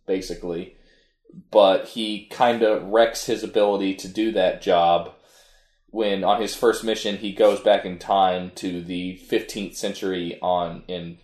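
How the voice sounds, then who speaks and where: A man's voice: low voice, fairly even intonation, a little slow, a little mellow, roomy sound. A man co-hosting a podcast, chatting casually about an anime he tried to watch, rambling and restarting his sentences. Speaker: podcast co-host. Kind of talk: casual chat reviewing an anime.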